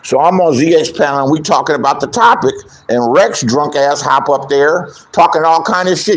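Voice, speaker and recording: A man's voice: on the high side, moderate pace. A middle-aged man ranting in a crude, boastful storytelling style, acting out other people's lines in mocking voices. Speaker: online commentator, self-styled comedian and troll. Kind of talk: profane storytelling rant.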